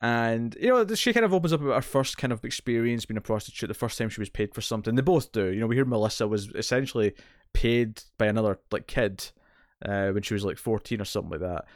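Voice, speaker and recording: A man's voice: on the low side, fast, no room sound, studio quality. A man co-hosting a podcast, recapping a TV episode in casual chat, full of restarts and fillers. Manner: rambling, many restarts and fillers. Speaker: podcast co-host.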